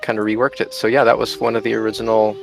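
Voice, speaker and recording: Gravelly male host, chatty. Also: fairly low pitch, level tone, fast talker, faint music behind. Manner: chatty, laughs often. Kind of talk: casual chat over a game tour.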